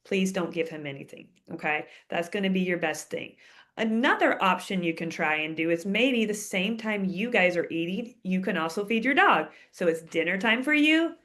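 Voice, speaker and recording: A woman's voice: mid-range voice, animated, moderate pace, a bit bright. A woman veterinarian answering viewer questions in a chatty, casual way, often ending sentences with "okay?". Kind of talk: casual advice Q&A.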